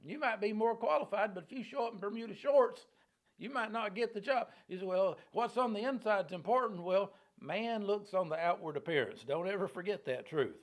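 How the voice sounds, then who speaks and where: Folksy pastor, man with higher voice. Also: expressive, fairly quick. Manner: folksy, homespun plain talk. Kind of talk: Bible study teaching.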